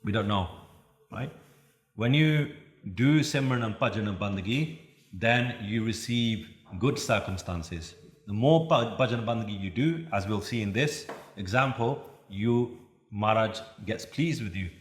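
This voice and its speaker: Man preaching a lively story-talk. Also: on the low side, unhurried, echoey room. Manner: animated storytelling, chants verses in Punjabi. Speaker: Sikh preacher. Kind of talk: religious talk at a youth camp.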